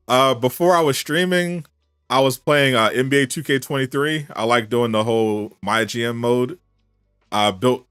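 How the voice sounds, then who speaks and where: Male streamer, casual reaction chat, incredulous and animated, mid-range voice, dry recording. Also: medium pitch, smooth, dry recording. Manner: animated, incredulous rhetorical questions, frequent laughs.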